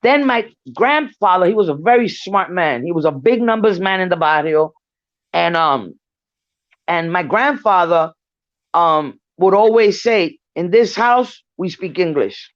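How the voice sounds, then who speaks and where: A woman's voice: fairly low pitch, expressive, unhurried, no echo. Frank, storytelling older New woman. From New York. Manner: frank storytelling, swears freely. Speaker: guest speaker. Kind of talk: casual discussion. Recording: muffled lo-fi dry recording.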